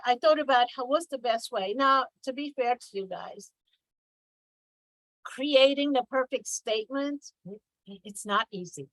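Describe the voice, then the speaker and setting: A middle-aged woman coaching a group online, speaking in a slightly high voice. She talks conversationally and puts stress on key words. The sound is close and dry, with no room echo. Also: a bit bright. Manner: conversational, emphatic, reads examples with mock exaggeration. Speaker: business coach. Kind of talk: online workshop presentation.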